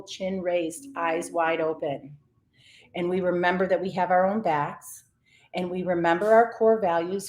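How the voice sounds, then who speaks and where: A woman leading guided breathing and spoken affirmations, coaching with energetic repetition and call-outs. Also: mid-range voice. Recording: echoey room with music under.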